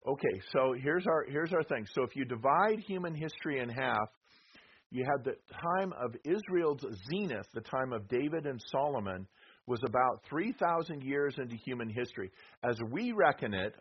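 A man's voice: mid-range voice, dull audio, slight background noise. A man teaching a Bible class from slides in a casual, conversational way, with restarts and asides.

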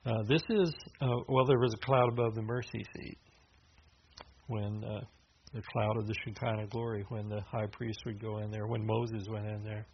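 Guy preaching a sermon, kinda gravelly, chatty with lots of uhs, faint hiss behind. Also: steady tone, normal speed. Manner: conversational, with filler uhs and restarts. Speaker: pastor. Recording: dull low-fidelity sound with faint hiss.

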